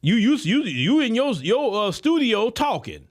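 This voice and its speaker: Male podcast host, high and very animated, preachy commentary aimed right at the audience. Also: measured pace. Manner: preachy, emphatic, addresses listeners directly; colloquial, many repeated words. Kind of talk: political commentary monologue.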